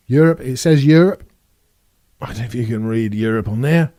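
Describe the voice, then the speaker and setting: A man's voice: mid-range voice, normal speed, warm tone, no echo. A man in his fifties from England hosting a casual Q&A vlog from a small home studio, chatting in a rambling, self-mocking way. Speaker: YouTube channel host.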